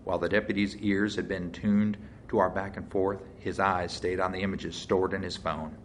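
A man's voice: low-pitched, little pitch movement, moderate pace, slight background noise. A man narrating a first-person mystery story in a dry, wry way.

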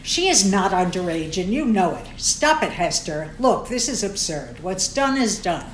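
A woman's voice: mid-range voice, big pitch swings, moderate pace, slight background noise, close to an everyday voice. A woman reading the lines of an estranged middle-aged husband who sounds exasperated and pleading. Her voice is roomy. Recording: roomy echo.

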